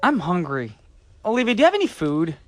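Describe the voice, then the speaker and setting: A man's voice: high voice, wildly swooping pitch, a little fast, faint music behind. A man playing a health-obsessed guy who goes sugar-crazy in a comic radio skit. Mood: hammy. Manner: hammy, laughing, shouting.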